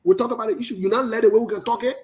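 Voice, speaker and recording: A man with a Liberian accent giving emphatic political commentary, talking loudly and repeating his points. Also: very high-pitched, steady tone, rapid-fire. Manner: forceful, emphatic, repetitive, passionate.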